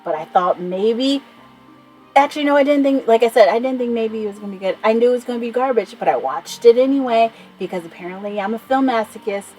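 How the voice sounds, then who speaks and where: A woman's voice: a little high, fast, mellow, soft background music, rough recording. A woman in her thirties rambling in a casual vlog chat, enthusiastic and swearing freely. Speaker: vlogger.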